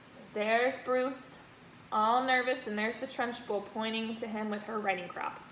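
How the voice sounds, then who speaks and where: A woman teacher reading a children's book aloud, pausing to point out the pictures. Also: a little high, fairly even intonation, fairly bright tone. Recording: roomy echo, faint noise.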